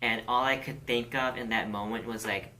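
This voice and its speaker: A woman's voice: extremely low pitch, steady tone, normal speed, sharp tone, a little hiss or hum. A woman co-hosting a casual podcast chat, candid and outspoken, swearing freely as she speaks with conviction. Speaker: podcast co-host.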